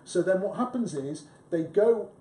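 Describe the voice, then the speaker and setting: A man's voice: lively intonation, normal speed, mellow. A man, a book club panelist, chatting emphatically about sales with frequent restarts. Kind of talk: casual discussion. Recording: echoey room with faint rumble.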